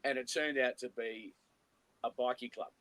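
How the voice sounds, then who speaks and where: A man's voice: medium pitch, fairly even intonation, moderate pace, a bit bright, rough recording. Rambling man telling stories. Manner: rambling anecdotes with restarts and acted-out quotes. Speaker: co-host, musician telling stories. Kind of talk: casual chat, storytelling.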